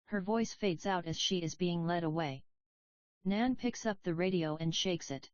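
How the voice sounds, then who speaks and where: Plain, even woman audiobook reader for stage directions; dry close sound, slightly dull. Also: lowish voice, a little slow, no echo. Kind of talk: reading stage directions aloud.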